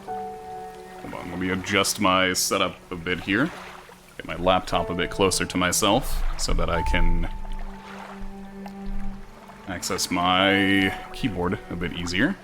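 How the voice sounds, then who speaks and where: A man's voice: low voice, little pitch movement, measured pace, pauses often, over music. A man streaming a game, chatting casually with wry asides.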